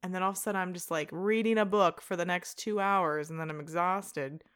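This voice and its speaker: A young woman co-hosting a podcast, chatting fast and laughing often. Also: fairly low pitch, fairly even intonation, fairly bright tone, smooth. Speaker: podcast co-host. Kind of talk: casual chat.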